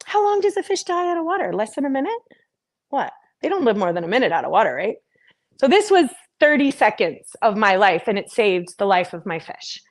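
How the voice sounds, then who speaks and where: A woman in her thirties speaking as a spiritual speaker, telling personal stories in a casual, animated way and acting out the voices in them. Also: a little high, brisk. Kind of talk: casual storytelling talk.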